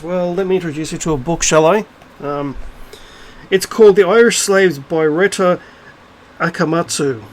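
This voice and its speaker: A man's voice: a little high, a little fast. A man giving a profane, sarcastic, indignant monologue to camera, full of rhetorical asides and "um"s. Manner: rhetorical asides and frequent fillers. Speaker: video creator.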